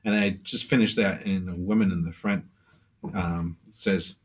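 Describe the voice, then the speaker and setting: A man with a low, steady, husky voice speaks unhurriedly as an interview guest, a pastel artist chatting casually. He rambles through his stories, drops in plenty of fillers, and acts out the lines other people said.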